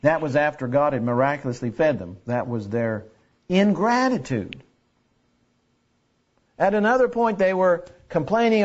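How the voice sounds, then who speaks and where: Man preaching, high voice, earnest, repeats phrases, dull lo-fi recording. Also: expressive, measured pace, long pauses. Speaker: pastor. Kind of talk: sermon.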